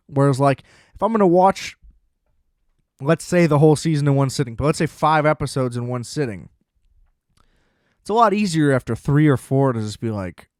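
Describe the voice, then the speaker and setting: A man hosting a solo podcast, rambling casually in an excitable, profane way. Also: on the high side, no room sound, clean studio sound. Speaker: podcast host.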